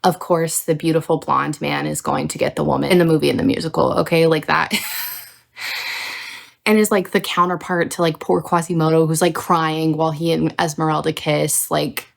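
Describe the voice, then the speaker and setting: Gravelly, low-voiced woman ranting casually. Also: normal speed. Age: young adult. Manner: ranting, profane, animated. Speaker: book review host. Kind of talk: casual video essay.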